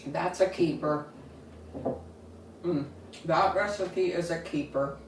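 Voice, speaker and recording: A homey woman cooks and chats at a slow, easy pace, with a slightly low voice. She sounds a little away from the mic in an echoey home kitchen, with faint clatter of dishes and pans behind her. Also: far from the mic, slight background noise. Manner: homey, chatty, tastes food while talking. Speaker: home cook showing a family recipe. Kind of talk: casual cooking video chat.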